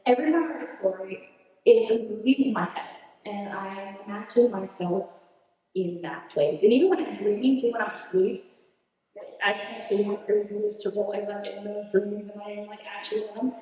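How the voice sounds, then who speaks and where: A young woman in her late teens giving an earnest, animated student presentation and answering questions, laughing at herself now and then. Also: medium pitch, brisk. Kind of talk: presentation speech and Q&A. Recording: echoey hall, distant mic.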